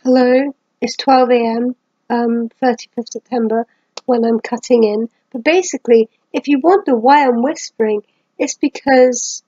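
A woman's voice: a little high, fairly even intonation, normal speed, warm tone, no echo, muffled recording. A woman doing a voice-over on her own old clips, teasing herself bluntly while keeping her voice down late at night. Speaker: vlogger. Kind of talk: self-mocking voice-over commentary.

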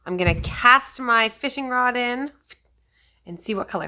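A woman's voice: fairly high pitch, lively intonation, moderate pace, sharp tone. A young woman leading an online children's circle time, singing and counting in a playful, encouraging sing-song. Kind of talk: singing and leading kids' songs. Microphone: webcam or laptop mic on video call.

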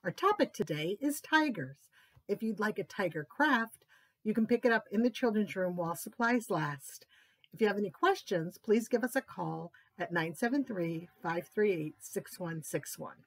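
A woman who works as a children's librarian, reading picture books aloud for children in a slow, expressive storytelling style. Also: mid-range voice.

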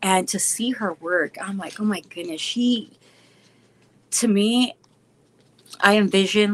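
A woman's voice: mid-range voice, slow pace, pauses often, fairly bright tone. A woman hosting a casual live-stream chat with viewers, bubbly and giggly, breaking off to coo at her dogs. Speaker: show host chatting with viewers.

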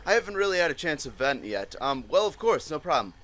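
A man's voice: on the high side, quick pace. A man playing a chat-based video game and commenting as he reads the messages aloud, often swearing and laughing. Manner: animated, swearing, laughing, reading lines in mock voices. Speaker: gaming YouTuber. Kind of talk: let's play commentary, reading chat aloud.

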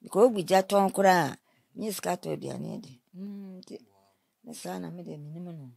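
A woman in her nineties from Ghana, telling her life story in an interview and giving advice with lively quoted speech. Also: fairly low pitch, brisk, vocal fry, no echo, studio quality. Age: 90s. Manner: animated, advising, acts out quoted speech.

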